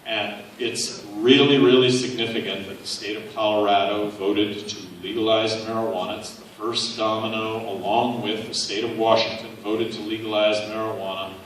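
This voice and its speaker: A man's voice: on the low side, level tone, moderate pace, hardly any pauses, recorded from a distance, slight background noise. A man giving a public campaign speech in a conversational, anecdotal way, with frequent "uh" fillers. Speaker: political speaker. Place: large university hall. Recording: echoey hall, picked up from afar.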